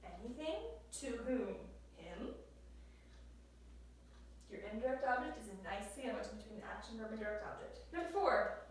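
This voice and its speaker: A high-pitched woman walks a class through grammar, coaxing and repeating questions. She sounds set back from the mic in a very echoey room with a faint hiss. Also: animated, moderate pace, recorded from a distance. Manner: encouraging, repeats questions, drawls y'all. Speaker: teacher.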